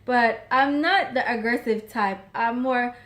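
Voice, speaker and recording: A chatty woman with a slightly high voice talks casually about married life. She is playful and outspoken and laughs often. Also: unhurried. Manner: self-described loud mouth. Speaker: co-host, wife.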